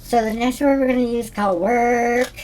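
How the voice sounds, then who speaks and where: A man's voice: extremely high pitch, steady tone, a little fast, a little mellow, soft background music. Janis Simpleton, a ditzy rambling lady, as a man plays her. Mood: airy rambling. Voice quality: rambling, scatterbrained, giggly. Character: ditzy, self-absorbed middle-aged woman teacher. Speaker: comedy character host. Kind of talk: scripted character comedy monologue.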